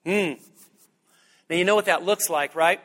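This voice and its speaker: A man preaching a sermon as pastor, animated and humorous, pushing his voice up to high emphatic peaks. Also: a little slow. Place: church sanctuary. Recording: long reverb of a church hall.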